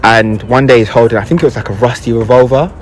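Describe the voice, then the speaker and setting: A man's voice: mid-range voice, fast talker. A young adult man, a guest telling a personal story in a casual, reflective and hesitant way, often searching for words.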